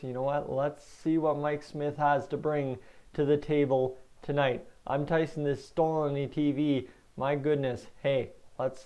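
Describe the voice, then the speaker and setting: A man with a Canadian accent hosting a hockey vlog, giving chatty, animated commentary straight to his viewers. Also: mid-range voice, clear, resonant tone, muffled recording. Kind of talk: casual sports commentary.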